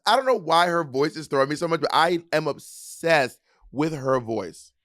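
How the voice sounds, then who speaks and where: A man co-hosting a casual chat, animated, profane and giggly. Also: a little high, moderate pace, no echo, clean studio sound. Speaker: co-host. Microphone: desk mic at a computer, streaming live.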